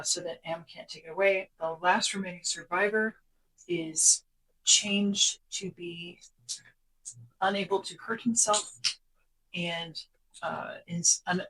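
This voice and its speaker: Speaking in a mid-range voice over poor audio, this podcast co-host talks casually and sums things up from notes. She's animated, occasionally lowering to a whisper whenever she quotes a line.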